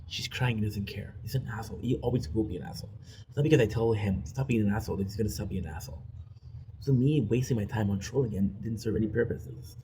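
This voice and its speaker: A man's voice: fairly low pitch, mellow, poor audio. A man talking candidly to his own recording in a confessional vlog, often tagging on "right?", a native French speaker, with faint noise behind. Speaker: vlogger. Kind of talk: confessional monologue. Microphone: self-recorded.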